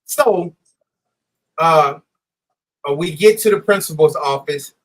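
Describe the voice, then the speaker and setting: A man, a former high school baseball coach, telling a story in a casual interview, acting out the dialogue and swearing freely. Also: slow pace, low-quality recording.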